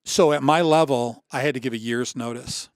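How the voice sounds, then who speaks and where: A medium-pitched man talks at normal speed in a studio-quality recording with no echo. He's a Michigan native in his sixties, a podcast guest casually relating a personal story, acting out other people's words with energy and many restarts.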